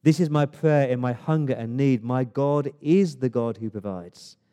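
A man preaching a sermon as pastor, rising to emphatic lists of praise and easing into quiet prayer. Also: mid-range voice, normal speed. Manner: builds to emphatic praise, then drops to a soft prayer.

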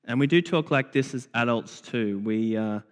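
A man, preaching a sermon in slow, deliberate phrases with repetition. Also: medium pitch. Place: church. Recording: long church reverb.

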